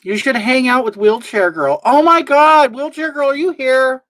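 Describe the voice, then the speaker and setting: In a live comedy stream, a performer plays a brash, gossipy woman livestreamer who rambles and gets indignant as she reads chat aloud. Her voice is medium-pitched and expressive with a fairly bright tone, moving at a moderate pace in a rambling mood.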